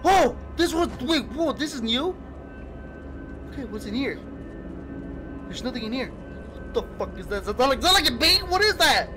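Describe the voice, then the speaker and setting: A gaming streamer with a high, very animated voice talks at normal speed with long pauses, commenting on a horror game. He's jumpy, swearing and shouting in fright as game music plays behind him.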